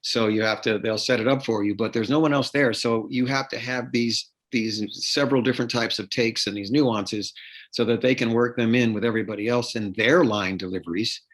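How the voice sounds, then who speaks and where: Actor guy on a podcast, normal pitch, keeps restarting and saying you know. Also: steady tone, fairly quick, a bit bright. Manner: explanatory, repeats words, many fillers and restarts. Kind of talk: interview conversation.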